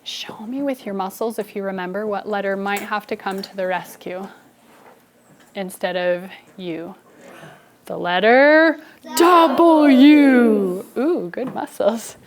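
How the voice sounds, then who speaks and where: A young woman teaching an elementary phonics lesson in a classroom, telling stories and coaxing the students along in a lively, playful way. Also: mid-range voice, a little slow. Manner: animated storytelling, playful and expressive with students.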